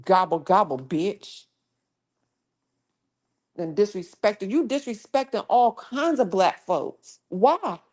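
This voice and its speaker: A woman's voice: mid-range voice, sing-song, slow, long pauses, mellow. A woman hosting a casual livestream who talks profanely and scolds trolls in her chat in a confrontational tone. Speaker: livestream host.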